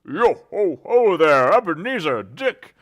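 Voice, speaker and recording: A man voicing a jovial, portly old male merchant, hearty and shouting in a rich, oily voice. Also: high voice, very animated, takes it slowly, lo-fi sound, voice pushed up, full character voice.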